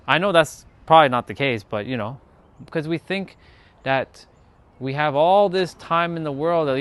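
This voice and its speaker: A man's voice: fairly high pitch, normal speed, fairly bright tone, smooth. A man chatting on a casual livestream from outdoors in a yard, rambling and encouraging.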